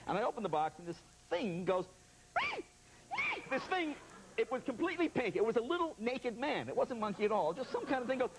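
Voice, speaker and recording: A man telling a comic story as a talk show guest, animated and laughing, with lots of voices and sound effects. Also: very high-pitched, fast talker, hardly any pauses. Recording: noisy television studio audio.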